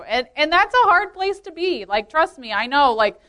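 A woman in her late twenties, a youth leader, gives a casual, earnest testimony talk at a women's meeting. Her voice is high, sing-song, and sharp at a normal speed, and she chats along, saying "like" a lot and laughing often.

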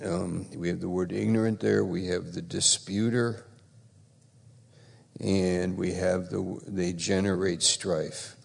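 A man preaching a sermon as pastor, emphatic and repetitive, rising to loud stresses and dropping to quiet asides. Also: low-pitched, steady tone, slow, creaky, breathy edge, long reverb tail. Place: church.

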